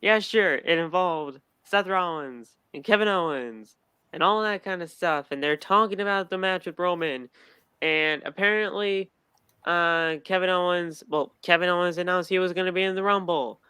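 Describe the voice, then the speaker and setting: A man's voice: high voice, moderate pace, pushed and bright, clean tone, no echo. A man casually recapping a wrestling show on a podcast, stammering and acting out quotes as he goes.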